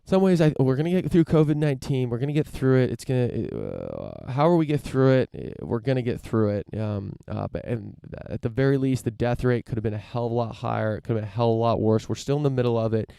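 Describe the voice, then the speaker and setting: Gravelly guy ranting casually. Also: mid-range voice, expressive, quick pace, few pauses, dark tone, no echo, clean studio sound. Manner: rambling, profane, frequent restarts and fillers. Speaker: podcast host. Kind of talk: casual solo rant.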